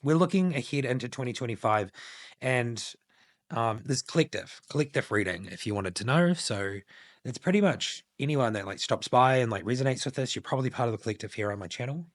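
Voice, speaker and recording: A man's voice: mid-range voice, expressive, brisk, dry recording, studio quality. A man giving a casual collective tarot reading to his channel viewers, musing loosely with many filler words. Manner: meandering, many filler likes, intuitive musing. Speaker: tarot reader.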